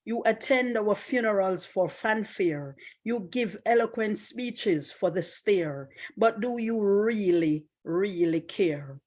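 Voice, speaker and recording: A woman performing her own spoken-word poem in a measured, grave delivery over a video call. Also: medium pitch, lively intonation, darkish tone. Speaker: poet reading her poem. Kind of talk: slow spoken-word poetry reading.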